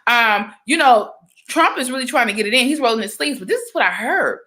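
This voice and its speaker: A young woman from Georgia, chatting casually on a livestream, animated and talkative. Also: fairly high pitch, a little fast. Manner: chatty, animated, breaks into sung exclamations. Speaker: livestream host.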